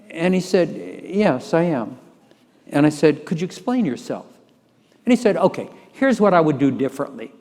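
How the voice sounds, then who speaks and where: A man's voice: on the high side, big-room sound. An older man telling an anecdote in an oral-history recording, acting out the dialogue with animation. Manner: animated storyteller, acts out dialogue. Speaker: tax lawyer telling a story.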